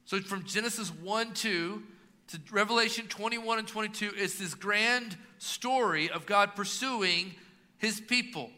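Pastor, man in his 30s, sermon delivery, bright and slightly high voice, reverberant sanctuary. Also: measured pace. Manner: preaching with emphatic rising and dropping delivery. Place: church sanctuary. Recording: long reverb of a church hall.

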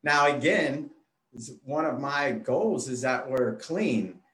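A man's voice: mid-range voice, lively intonation, slow, fairly bright tone, reverberant. A man in his forties, a kids pastor, chatting easily as a guest in an interview, with frequent fillers. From Phoenix, Arizona. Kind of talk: casual interview.

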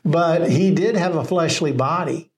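Guy with a higher voice, laid-back bible chat, tells stories and laughs easy. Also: measured pace. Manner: relaxed storytelling with laughs. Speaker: co-host of a Bible study podcast. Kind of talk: casual Bible discussion.

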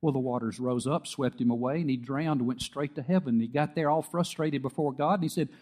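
A man's voice: mid-range voice, brisk, few pauses, darkish tone. A middle-aged man preaching a sermon as pastor, telling stories with acted-out quotes and emphatic peaks.

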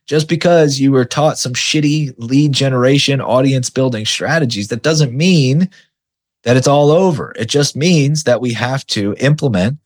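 A young adult man hosting a coaching podcast in a blunt, animated monologue, mimicking frustrated clients now and then and swearing freely. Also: mid-range voice. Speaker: podcast host, business coach. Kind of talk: casual monologue.

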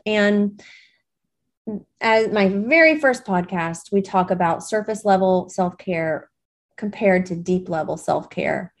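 Chatty reassuring woman podcast host. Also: medium pitch. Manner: warm, reassuring, chatty with many fillers. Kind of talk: casual solo podcast talk.

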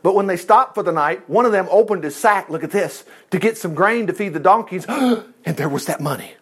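Animated high-pitched man teaching the Bible. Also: a little fast, breathy edge. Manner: animated, folksy asides to listeners. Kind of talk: Bible reading with commentary.

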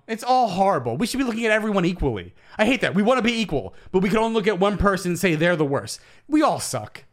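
A man's voice: high-pitched, fairly bright tone. A young man from Brooklyn co-hosting a casual podcast, acting out quoted exchanges and swearing freely. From Brooklyn, New York. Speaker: podcast co-host. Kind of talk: casual chat.

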